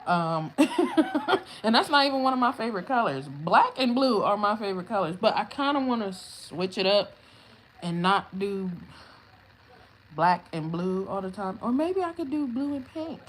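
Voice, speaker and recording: A livestream host keeps things casual, firing brash, profane comebacks at trolls in chat and laughing often as she talks. Her voice is medium in pitch with big swings, delivered at a normal speed.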